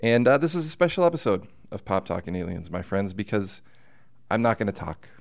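A man hosting a podcast, introducing a tribute episode in an earnest, measured, reverent way. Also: lowish voice, very animated, creaky. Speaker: podcast host.

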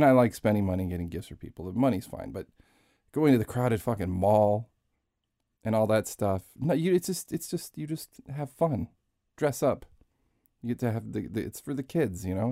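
A man's voice: fairly low pitch, mellow, no room sound, clean studio sound. A man hosting a podcast in a casual monologue, rambling and chatty, swearing now and then and poking fun at himself. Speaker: podcast host.

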